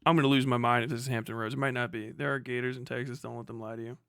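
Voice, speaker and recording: A man streaming live, reacting to a video with profane, excitable, rambling commentary. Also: mid-range voice, rapid-fire, vocal fry, clean tone, no room sound, clean studio sound.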